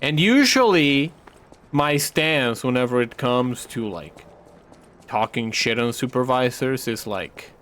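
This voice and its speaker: A man's voice: mid-range voice, expressive, slow pace, fairly bright tone, slight background noise. A male streamer chatting casually while he plays, rambling and swearing through his stories. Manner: rambling, profane storytelling. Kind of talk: casual chat while gaming.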